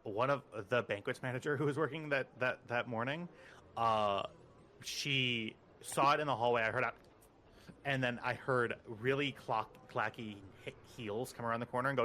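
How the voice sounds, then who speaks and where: A man acting as game master, chatting casually and telling rambling, animated stories before narrating the game. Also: moderate pace, a little hiss or hum. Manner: animated rambling storyteller, squeaky high voice for quotes.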